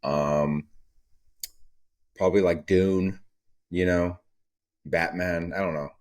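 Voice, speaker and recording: A young adult man hosting a solo comedy podcast, talking loosely and profanely and acting out scenes in squeaky voices. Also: steady tone, slow pace. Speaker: podcast host.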